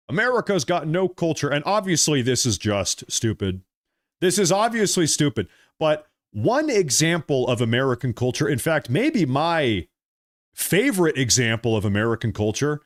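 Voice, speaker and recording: Male livestream host, mid-pitched, dry close sound, rambling and chatty, talks straight to the audience. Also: dry recording. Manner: chatty and repetitive, addressing viewers directly as folks and ladies and gentlemen. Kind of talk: casual live commentary.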